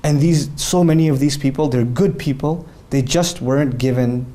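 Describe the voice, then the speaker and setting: Earnest, animated man with a mellow voice. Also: medium pitch, moderate pace. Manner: earnest and animated, telling stories with quoted dialogue. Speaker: interviewee. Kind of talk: speaking in a recorded interview.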